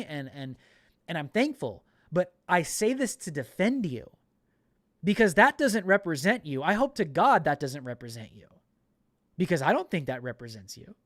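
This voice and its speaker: An indignant man hosting a commentary podcast, pressing his points with emphatic repetition. His voice sits on the higher side for a man. The sound is dry and close, with no room echo. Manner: indignant, emphatic, repeats words. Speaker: podcast host.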